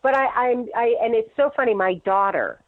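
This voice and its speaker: Brief: middle-aged woman guest, lively storyteller, tinny phone-line sound. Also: on the high side, normal speed, a crowd in the background. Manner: animated storyteller, laughs often. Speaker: entrepreneur guest. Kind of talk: casual interview chat.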